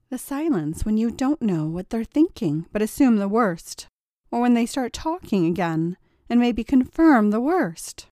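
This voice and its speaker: A woman narrating a first-person story in a quiet, confiding way. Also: mid-range voice, no echo, studio quality.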